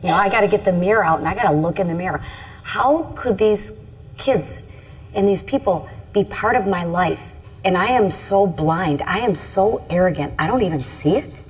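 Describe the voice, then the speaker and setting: A woman's voice: medium pitch, normal speed. A middle-aged woman from Michigan, a congresswoman telling a personal story on a panel in an earnest, candid, self-critical way.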